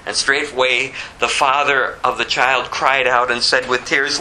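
A man delivers a conversational expository sermon, reading scripture low and dropping into high, pleading prayers. His voice is bright and ringing. A faint ambient hum sits behind him. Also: moderate pace, hardly any pauses, rough recording. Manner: conversational, with restarts and asides. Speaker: preacher.

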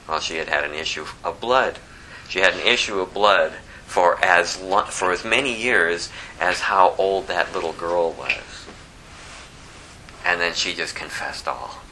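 Male preacher, chatty, animated, sermon storytelling, very bright tone, faint noise. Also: low-pitched, low-quality recording. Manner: animated, chatty, laughs often.

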